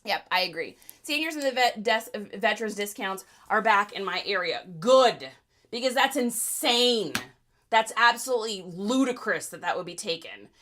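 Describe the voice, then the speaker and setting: A woman's voice: medium pitch, moderate pace. A middle-aged woman chatting casually to livestream viewers, getting worked up and ranting. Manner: animated, ranting, gets worked up. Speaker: reseller livestreaming product photography.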